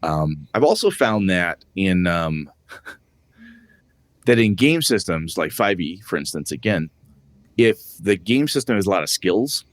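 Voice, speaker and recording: Taking his time, this man co-hosts a tabletop gaming podcast as its game master, talking loosely and performing his players' lines with lively, rising pitch. There's no echo on the recording.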